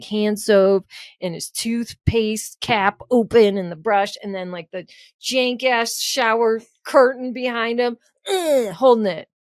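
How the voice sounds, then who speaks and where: In a dry, clean studio recording, a young podcast co-host with a medium-pitched voice laughs a lot while spinning lively stories. Her chat is casual and full of profanity.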